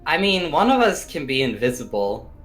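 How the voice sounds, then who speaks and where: A man's voice: a little high, very animated, normal speed, a bit bright, faint music behind. Hesitant man playing a tabletop game. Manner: hesitant, restarts and laughs between ideas. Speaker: player. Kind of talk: casual tabletop game chat.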